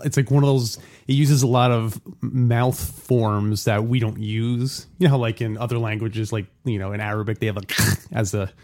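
A man's voice: on the low side, steady tone, moderate pace, hardly any pauses, a little mellow. A man co-hosting a casual podcast chat. He rambles, uses many fillers and giggles often. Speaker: podcast co-host.

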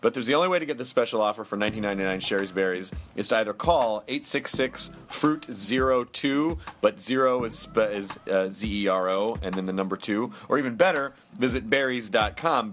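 A man's voice: on the low side, expressive, a bit bright, faint music behind. A man in his thirties hosting a podcast, joking around in casual comedic chat. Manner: joking, playful, quick asides. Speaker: podcast host.

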